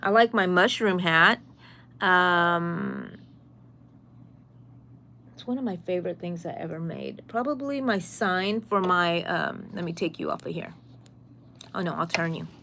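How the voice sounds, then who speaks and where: A woman's voice: lowish voice, measured pace, pauses often, pushed and bright, a little hiss or hum. A middle-aged woman chats casually through a live stream. She talks in a friendly, rambling way and reads out viewers' comments and answers them as she goes. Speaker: crochet channel host.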